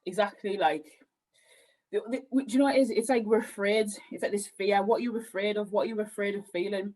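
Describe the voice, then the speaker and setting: Woman, spiritual healer guest, warm mellow tone, husky, rambling and animated. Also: medium pitch, fairly quick, low-quality recording. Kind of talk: casual podcast conversation.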